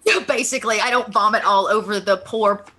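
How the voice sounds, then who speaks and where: A woman playing a tabletop game who chats casually and hesitates often, filling her pauses with ums and uhs. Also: medium pitch, fairly even intonation, pushed and bright. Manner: chatty, hesitant, with many fillers. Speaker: player.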